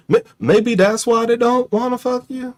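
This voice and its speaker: A man's voice: very high-pitched, slow pace. A man giving a mocking, profane rant as a streamer, firing rhetorical questions and laughing at his own jokes. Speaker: streamer and commentator. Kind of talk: ranting commentary to an online audience.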